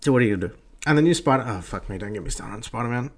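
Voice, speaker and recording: A man's voice: mid-range voice, lively intonation, rapid-fire. A man hosting a podcast, ranting crudely and bluntly about movies. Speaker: podcast host. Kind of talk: profane ranting commentary.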